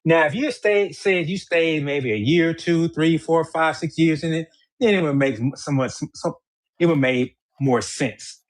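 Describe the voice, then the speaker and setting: A man's voice: a little high, normal speed. A man hosting a livestreamed debate, arguing in a heated, profane and emphatic way.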